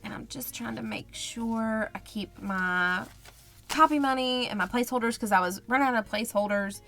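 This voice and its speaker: Chatty woman counting cash softly. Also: a little high, moderate pace. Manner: chatty, counts money under her breath. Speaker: budgeting vlogger. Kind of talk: casual chat while counting cash.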